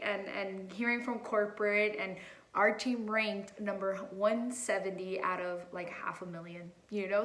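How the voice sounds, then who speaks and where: A woman's voice: mid-range voice, fairly bright tone, roomy sound. A woman in her thirties, a mother telling a heartfelt personal story in a casual, rambling way with many fillers and restarts.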